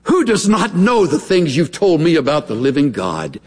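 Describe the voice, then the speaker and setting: Animated middle-aged preacher in a reverberant hall. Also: male voice, fairly high pitch, normal speed, few pauses, slightly rough. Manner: animated, playful, chuckling. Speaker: pastor. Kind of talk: sermon with humorous storytelling.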